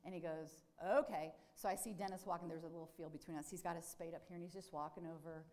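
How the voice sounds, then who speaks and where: A woman's voice: on the low side, racing. A woman, a nurse, giving a devotional talk, telling a story and asking her listeners questions. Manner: animated storyteller who asks the audience questions. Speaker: nurse speaking to a group.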